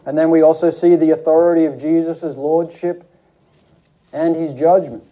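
A man preaching a sermon to his church, speaking in an earnest, measured teaching manner with frequent restarts. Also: a little high, fairly even intonation, warm tone, lo-fi sound.

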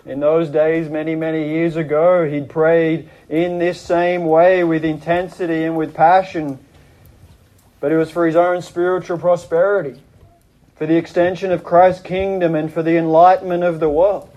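Muffled pastor telling a sermon story. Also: male voice, flat delivery, moderate pace, dark tone. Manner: earnest, dramatic retelling, voice dropping low and rising in quoted prayers.

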